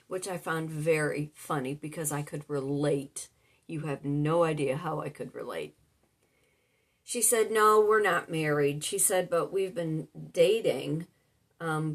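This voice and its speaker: Chatty woman retelling a story. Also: low-pitched. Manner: chatty, retells dialogue with "I said" and "she said". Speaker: vlogger and life coach. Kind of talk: casual storytelling.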